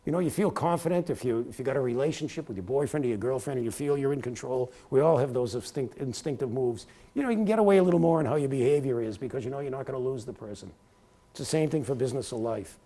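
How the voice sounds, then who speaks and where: A middle-aged man speaking to a university audience, spinning career stories with lively energy. His voice sits at an ordinary pitch with a dark, mellow tone. Now and then he breaks into a sports announcer's rhythm. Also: fast. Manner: animated storyteller, slips into sportscaster cadence. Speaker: speaker giving a talk. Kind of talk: motivational talk with anecdotes. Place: lecture hall at a university.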